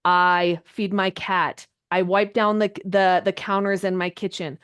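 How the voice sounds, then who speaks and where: Woman, social media coach, video call, chatty, animated, pitch jumps when excited. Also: a little slow, clean tone. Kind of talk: live online coaching session.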